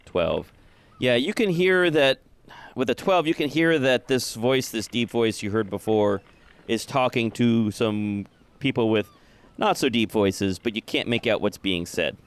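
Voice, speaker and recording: Brief: male game master, smooth resonant voice, halting narration, mid pitch. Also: lively intonation. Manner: halting, many filler sounds.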